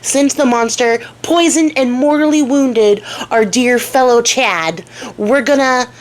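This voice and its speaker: A panicky small-town mayor, hopelessly out of his depth, as a woman puts him on. He rambles, stumbles and repeats himself in a somewhat lower, softer voice. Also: a little slow, natural voice. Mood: flustered.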